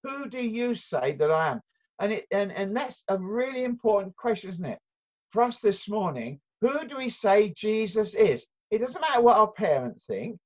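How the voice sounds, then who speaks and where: An older man preaching a sermon in an earnest, halting way, with many restarts and rhetorical questions. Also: sits high, very animated, dull audio.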